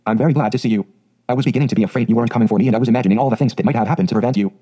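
A clear, sweet-voiced orphan girl of about eleven chatters on in breathless, eager run-on bursts, as a man reads her part in a storybook. The talk races along very fast. Her tone sits soft and mellow, with a slightly husky edge. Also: medium pitch, close to an everyday voice.

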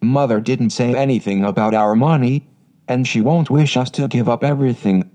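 A man reading the lines of a bold, bookish teenage girl in an even, unacted synthetic voice. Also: mid-range voice, normal speed, close to an everyday voice.

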